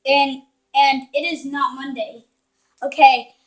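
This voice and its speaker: Her voice sits high, with fairly even intonation and a slow pace, over soft background music. A gaming channel host, she casually comments on a let's-play, cheekily teasing the on-screen characters.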